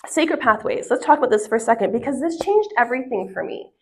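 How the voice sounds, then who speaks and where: A woman's voice: on the high side, lively intonation, fast talker, a little hiss or hum. A woman teaching a church group in a conversational way, asking the audience questions and telling a family story. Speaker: women's ministry speaker. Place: church hall with a live audience.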